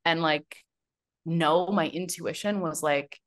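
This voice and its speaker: Chatty low-voiced woman telling her story. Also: slow, fairly bright tone. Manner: chatty, many fillers and restarts, bursts of laughter. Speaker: guest, business and mindset mentor. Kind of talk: casual storytelling conversation.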